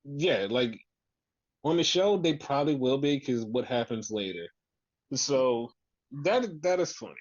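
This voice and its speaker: A man's voice: medium pitch, animated, measured pace, no echo, muffled recording. A man co-hosting a podcast, recapping wrestling in casual, profane chat and acting out the wrestlers' lines. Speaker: podcast co-host.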